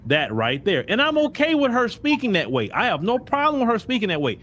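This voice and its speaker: A man's voice: sits high, huge pitch swings, a little fast, a bit bright, a little hiss or hum. A man hosting a web commentary show, blunt and mocking, speaking straight to the person he criticizes. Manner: blunt, mocking, addresses the subject directly. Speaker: host.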